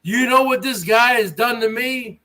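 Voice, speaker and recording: A man's voice: extremely high pitch, unhurried, sharp tone. A man hosting his own livestream, ranting in a brash, mocking way with plenty of swearing. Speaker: livestream host. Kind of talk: boastful rant.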